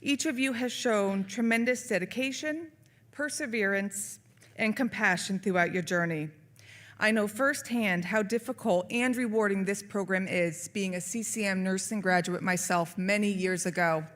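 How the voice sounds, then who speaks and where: A woman's voice: medium pitch, normal speed. A middle-aged woman, a nursing faculty member, giving an earnest, emotional, inspirational speech at a ceremony in an event hall.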